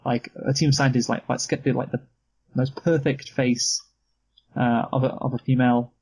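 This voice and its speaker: A man's voice: medium pitch, level tone, moderate pace, a little mellow, breathy edge, poor audio. A man co-hosting a casual film review chat, dry and sweary, laughing easily. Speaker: podcast co-host.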